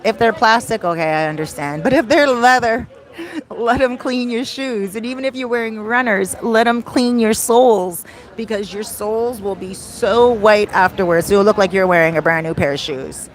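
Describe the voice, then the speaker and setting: A woman's voice: on the high side, normal speed. A woman who works as a life coach, chatting casually and cheerfully in a live Q&A vlog from a lounge, laughing often.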